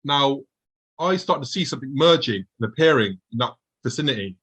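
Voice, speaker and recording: Guest: husky-voiced man, middle pitch, telling a story vividly. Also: lively intonation, fairly quick, a bit bright, rough recording. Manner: vivid storytelling, acting out his own past thoughts. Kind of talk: recounting a personal encounter.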